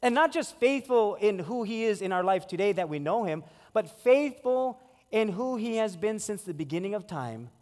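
Pastor, 40s, storytelling sermon, high pitch, reverberant sanctuary. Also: male voice. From Hawaii. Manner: storytelling, animated acted-out quotes. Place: church sanctuary. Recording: long hall reverb.

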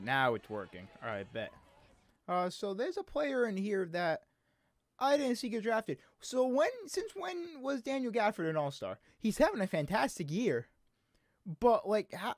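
Playing a basketball video game, a man gives casual commentary, frequently exasperated and complaining out loud at the game. His voice is high-pitched, with no room sound and studio quality.

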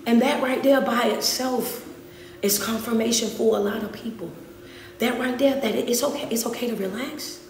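A woman motivational speaker and life coach giving a live-streamed talk in a rhythmic, repetitive, preacher-like cadence. She often drops to soft near-whispers to comfort her listeners. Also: fairly high pitch, moderate pace. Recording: roomy echo with faint background noise.

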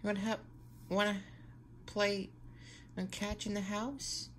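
A woman's voice: medium pitch, flat delivery, unhurried, slight background noise, lightly acted. A woman playing a caring, motherly girl superhero who encourages her little sister, in a fan role-play. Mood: gentle, encouraging.

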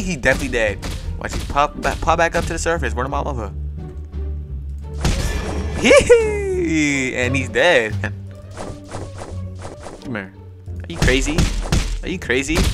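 A young man casually commentating his own gameplay for viewers, excitable and full of slang. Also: medium pitch. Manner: excitable, slangy, talks to viewers while playing. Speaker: gaming YouTuber. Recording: game music playing behind. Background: video game music.

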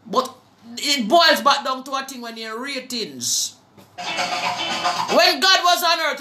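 A woman with a Jamaican accent preaching to a live online audience, slow and fervent, at times breaking into song. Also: high-pitched, expressive, roomy sound, over music.

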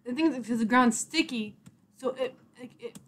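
A woman's voice: a little high, fairly quick, slight background noise. A young woman giving casual gameplay commentary, rambling and exasperated, swearing mildly at the game. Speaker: let's play gamer.

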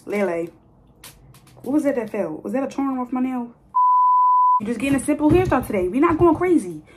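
A woman in her twenties chatting casually to viewers while styling a mannequin's hair, playful and talkative, recorded on a phone. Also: on the high side. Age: 20s. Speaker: hair vlogger. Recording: phone video with faint noise.

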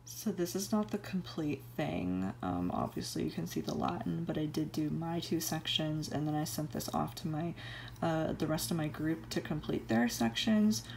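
Low, creaky young woman vlogging. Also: expressive, normal speed, darkish tone, a little hiss or hum. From United States. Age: young adult. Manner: chatty, many "like" fillers. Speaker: university student vlogger. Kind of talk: casual vlog chat. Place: home room and campus lab.

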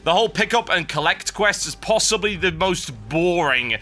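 A man giving sardonic, animated commentary over a video game he is playing. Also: high-pitched, moderate pace. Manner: sardonic, animated, wry complaints. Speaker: gameplay commentator. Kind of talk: let's-play commentary.

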